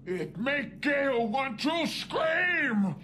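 A woman's voice: sits high, very animated, very slow, a bit bright, raised voice, slight background noise, heavily acted. A woman voicing a big, short-tempered female super mutant in a video game, talking in broken, simple sentences and calling herself by name. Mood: furious.

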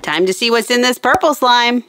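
A woman presenting a playful toy demonstration for children in an excited, sing-song way, with playful roars. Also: a little high, moderate pace, noisy background. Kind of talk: playful toy demo for kids.

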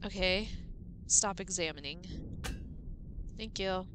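A woman's voice: lowish voice, takes it slowly, background noise. A woman streaming a horror game live, chatting playfully with her viewers and sounding jittery. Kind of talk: live gameplay commentary.

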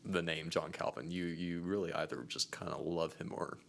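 On a casual podcast, a male co-host chats with animated energy and reads a long quote aloud. His voice sits low and gravelly, moving at a moderate pace, with slight noise in the background.

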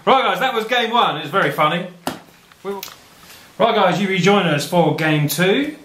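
A young man with a London accent, excitably chatting and joking while playing a card game. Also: sits high, a little slow. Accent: London English. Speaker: card game player and channel host. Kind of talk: casual banter during a card match. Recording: echoey room, faint background noise.

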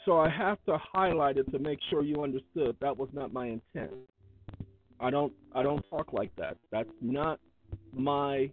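A man hosting his own video, talking casually and emphatically as he reads out parts of a court ruling. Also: a little high. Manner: emphatic, repetitive, preachy. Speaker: online video host. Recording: tinny phone-like sound.

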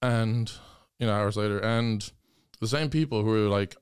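A man's voice: fairly low pitch, moderate pace, smooth, no room sound, studio quality. A man, a priest, talking earnestly and with passion in an interview. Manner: earnest, impassioned storytelling. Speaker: guest priest. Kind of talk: conversational interview.

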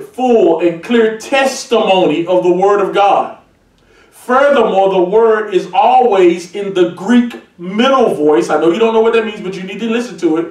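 A man preaching a sermon as a pastor, emphatic and building to shouted points. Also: sits high. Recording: echoey church heard from a distance.

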